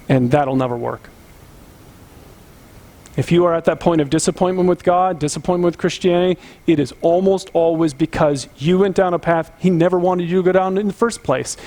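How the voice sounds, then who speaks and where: Earnest high-voiced pastor preaching. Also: male voice, a little mellow. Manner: earnest and emphatic, asks the congregation direct questions. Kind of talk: conversational sermon.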